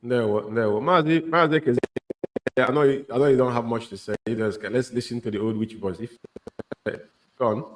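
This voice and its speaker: A man co-hosting a heated talk show, emphatic and quick to agree or interject. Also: medium pitch.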